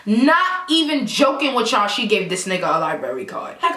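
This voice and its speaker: A young woman telling a casual storytime vlog, animated and profane, full of asides to her viewers. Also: on the high side, normal speed. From New York, Brooklyn. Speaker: vlogger. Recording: echoey room.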